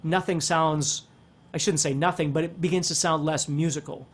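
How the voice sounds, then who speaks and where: A middle-aged man teaching guitar in a relaxed, conversational way, thinking aloud and circling back as he explains. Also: fairly high pitch, normal speed. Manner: animated, talks with his hands, thinks aloud with restarts. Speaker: guitar instructor.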